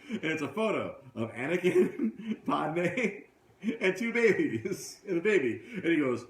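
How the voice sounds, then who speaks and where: Speaking a little slowly in a voice on the high side, this podcast host broadcasts live from a comic book shop amid a roomy sound and slight background noise. He's an animated storyteller, casually performing comic scenes in funny voices.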